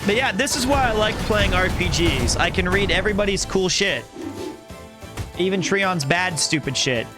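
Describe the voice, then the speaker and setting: A man's voice: sits high, lively intonation, normal speed, over loud music. A man streaming a game and chatting casually, rambling and joking in a playful way. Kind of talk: casual live-stream chat.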